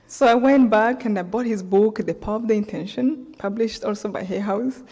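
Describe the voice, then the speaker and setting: A woman's voice: mid-range voice, moderate pace. Rwandan woman telling a story in a hall. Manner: animated, acts out voices in her story, laughs often. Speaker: author giving a talk. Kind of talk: storytelling talk. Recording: long hall reverb.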